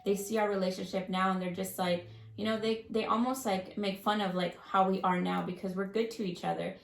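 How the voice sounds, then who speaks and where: A woman's voice: mid-range voice, little pitch movement, a little fast, vocal fry, roomy sound, low-quality recording. A woman co-hosting a casual relationship advice podcast, talkative and full of fillers, often acting out quoted arguments. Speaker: podcast co-host.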